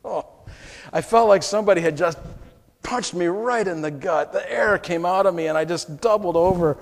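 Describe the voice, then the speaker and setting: A male pastor preaching an emotional first-person story, heartfelt, going from hushed to exclaiming, in a church sanctuary. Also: high-pitched, normal speed, creaky. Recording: long hall reverb.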